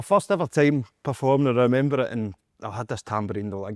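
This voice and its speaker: A Scottish man tells animated, self-mocking anecdotes at a brisk, quick pace. His voice sits at an everyday middle pitch. The recording is dry and close, with no room echo. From Scotland. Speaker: guest performer. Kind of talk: storytelling in casual chat.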